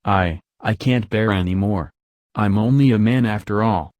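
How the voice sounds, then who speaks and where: A man's voice: on the low side, moderate pace, a little mellow, no echo, natural voice. A man reading the part of a brooding, hunted young man in an audiobook, with an impassioned, pleading delivery. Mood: anguished.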